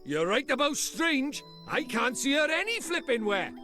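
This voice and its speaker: A man's voice: very high-pitched, big pitch swings, normal speed, pitched above the performer's own voice. A man voicing a cheeky, fussy male fairy sidekick with a sing-song, chattering manner. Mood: sulky. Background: game music.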